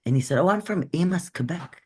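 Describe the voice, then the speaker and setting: A woman's voice: lowish voice, lively intonation, brisk, warm tone, slightly rough. Earnest woman guest speaker on a video call. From Canada. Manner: earnest, checks in often with "right?". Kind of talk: conversational workshop talk.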